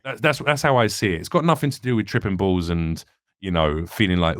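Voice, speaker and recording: An English man with a lowish voice talks candidly on a podcast, thinking aloud and rambling through his points with frequent restarts. The sound is dry and close. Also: expressive, a little fast, a bit bright, dry recording. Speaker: comedian guest.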